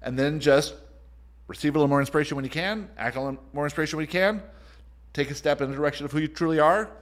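Man giving an emphatic motivational talk. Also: a little high. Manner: emphatic, sweeping, speeds up and slows down. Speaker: spiritual teacher hosting a call.

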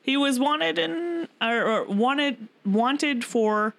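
A woman's voice: sits high, lively intonation, drawn-out words, creaky, a bit bright. A woman hosting a podcast, telling a story in casual chat with lots of fillers and frequent laughter. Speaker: podcast host.

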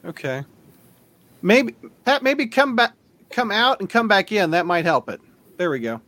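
Upbeat guy hosting a video call, high voice jumping all over. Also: sing-song, unhurried, bright, forceful tone, dry recording. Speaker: host.

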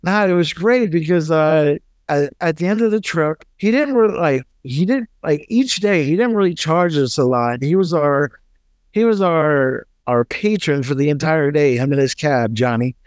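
High-voiced, animated storytelling man. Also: moderate pace, smooth, no echo, clean studio sound. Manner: animated, profane, laughs through stories. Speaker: podcast co-host. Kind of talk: casual storytelling.

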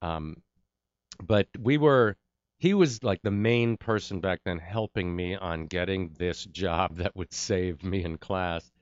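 A middle-aged man with a low, smooth voice tells a story in a relaxed chat and acts out the people he quotes. The sound is dry and a little dull. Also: takes it slowly, no echo. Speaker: actor telling a story.

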